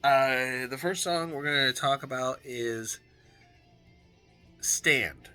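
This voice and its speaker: A man speaking to camera in a personal video journal, slow and unhurried, often breaking off and restarting his sentences. His voice is strikingly bright and sharp. His manner is earnest and heartfelt, over faint background music. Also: mid-range voice, clear, resonant tone. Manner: halting, with frequent restarts and fillers. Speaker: vlogger.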